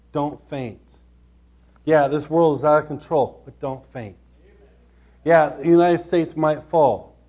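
A man's voice: medium pitch, dark tone. A man preaching a sermon, telling stories and then urging his listeners on with a repeated refrain. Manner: storytelling, urgent exhortation with repeated refrains.

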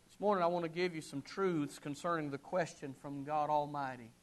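A man preaching a sermon, swinging from loud ringing calls to hushed low murmurs, with drawn-out emphatic repetition. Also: fairly even intonation. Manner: slow, drawn-out emphatic delivery with repeated phrases.

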